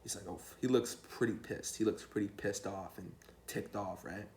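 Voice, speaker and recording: A man's voice: fairly low pitch, normal speed, a little mellow, slight background noise. A young man telling a rambling, slangy story to his vlog viewers in a laid-back way. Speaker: storytime vlogger. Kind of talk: casual storytelling.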